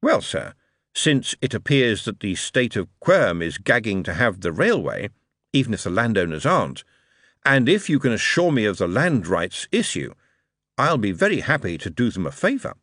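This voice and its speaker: A man's voice: lowish voice, very animated, moderate pace, fairly bright tone, no echo, studio quality. A man voicing a glib, breezy charmer.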